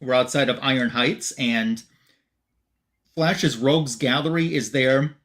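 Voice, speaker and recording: A man's voice: medium pitch, fairly bright tone. Man casually recapping a comic. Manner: retells scenes with filler words and quick quoted asides. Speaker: podcast host.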